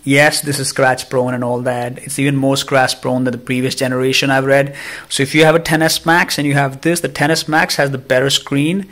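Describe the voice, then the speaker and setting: A man with an Indian accent giving a casual phone review, ranting in an animated, exasperated way. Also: medium pitch, brisk. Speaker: tech reviewer.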